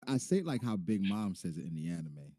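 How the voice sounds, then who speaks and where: A laid-back man co-hosting a podcast chat, easygoing and full of slang. His pitch sits on the low side but swings widely, and his tone is mellow, with faint room noise behind him. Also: very animated, fast talker, dry recording.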